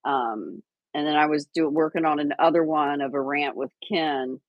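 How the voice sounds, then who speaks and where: A woman's voice: low-pitched, normal speed, dry recording, dull audio. A woman hosting a livestream, chatting casually with viewers and a co-host, rambling with fillers and restarts.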